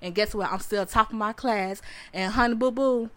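Young woman, podcast host, earnest, repetitive, calls listeners honey, mid-pitched voice. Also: moderate pace, a bit bright. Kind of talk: personal testimony to a live audience.

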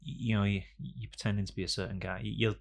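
A man's voice: on the low side, level tone, quick pace, vocal fry. A young man hosting a podcast, telling jokey rambling stories with lots of fillers in casual banter. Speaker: podcast co-host.

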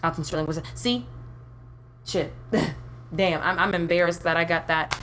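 A young adult woman co-hosting a podcast in blunt, animated, profane casual chat. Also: on the low side, unhurried, a little hiss or hum. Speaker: podcast co-host.

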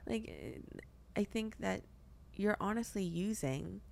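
A woman's voice: medium pitch, lively intonation, takes it slowly, creaky, darkish tone. A young woman hosting a podcast, talking earnestly about faith in a chatty way, full of filler words. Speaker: podcast host. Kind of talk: casual faith discussion.

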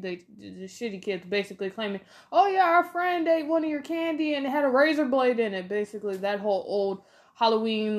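A woman co-hosting a podcast, chatting casually about a movie, animated and exasperated as she rants. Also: mid-range voice. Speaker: podcast co-host. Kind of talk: casual movie review chat.

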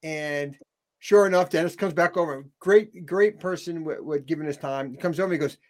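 In a casual interview, a middle-aged man tells a story with animation, voicing the people he quotes and frequently restarting his sentences. His voice is a little high, and he keeps a moderate pace.

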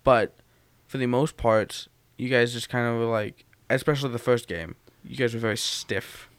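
A man in casual chat, a game master telling tabletop stories in a joking, animated way. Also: medium pitch, normal speed, no room sound.

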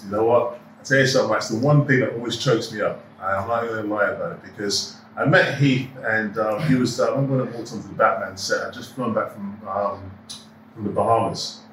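Fast-talking man, echoey and distant. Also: lowish voice, slight background noise. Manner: animated storyteller who acts out quoted dialogue. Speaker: actor and producer, guest. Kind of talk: anecdotal interview chat. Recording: echoey room, voice off-mic.

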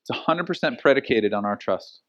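A middle-aged man preaching a sermon as pastor, telling stories and acting out the quotes with lively energy. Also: mid-range voice, brisk, muffled recording. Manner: animated storytelling with acted-out quotes.

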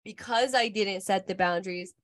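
A woman in her thirties talking casually as a podcast co-host. She tells personal stories in a candid, rambling way, often leaning on "like". Her voice sits at a middling pitch. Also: moderate pace, no echo. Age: 30s. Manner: candid, rambling storytelling with frequent "like". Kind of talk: casual chat.

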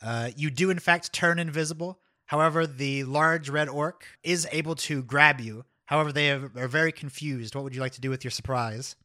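A man running a tabletop game as game master, narrating with chuckles and halting restarts. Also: fairly high pitch, pushed and bright.

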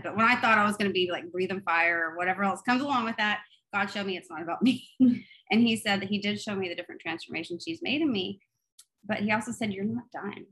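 Female podcast co-host, animated storyteller, earnest in prayer. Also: medium pitch, rough recording. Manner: animated storytelling, laughs often, turns soft and earnest in prayer. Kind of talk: faith podcast chat and prayer.

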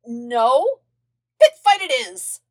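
A woman's voice: sits high, big pitch swings, moderate pace, pitched above the performer's own voice. A woman voicing an eccentric, cackling old king in a podfic reading. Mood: gleeful. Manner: playful, cackling, whimsical. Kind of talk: podfic character voice.

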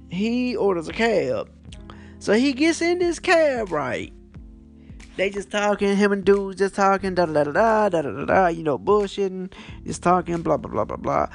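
A man with a gravelly, fry-laden voice chats casually as a podcast host, recapping what he has been reading and watching. His storytelling is animated and rambling, full of swearing and fillers, and he records on a phone. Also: high voice. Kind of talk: casual chat, retelling books and shows.

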